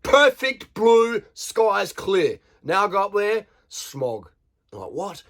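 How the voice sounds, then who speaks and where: A man's voice: sits high, big pitch swings, takes it slowly, a bit bright. An Australian man ranting bluntly to camera, swearing freely and firing rhetorical questions at his viewers. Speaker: vlogger. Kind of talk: unscripted rant to camera.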